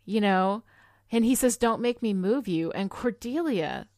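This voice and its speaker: A woman's voice: medium pitch, expressive, a little slow, a little mellow, no echo, clean studio sound. A woman co-hosting a casual chat about a TV episode, enthusiastic and full of "you know" fillers. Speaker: podcast co-host.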